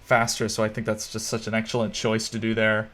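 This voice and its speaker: A man's voice: on the low side, monotone, a little fast, fairly bright tone. A young man tipsy and rambling, giving a casual, swearing, gushing commentary on a film with many fillers. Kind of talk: casual movie commentary over footage.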